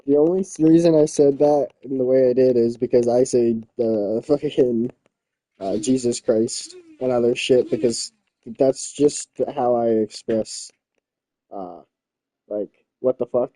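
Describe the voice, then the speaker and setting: A man's voice: medium pitch, fairly even intonation, unhurried, mellow, no room sound, poor audio. A man chatting casually on a game stream, joking and swearing freely. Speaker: streamer and server owner. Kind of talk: casual chat.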